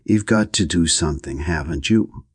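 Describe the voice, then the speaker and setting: Placid young woman for an audiobook, read by a man: prim and unbothered, low and dry. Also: normal speed, slightly rough, dry recording.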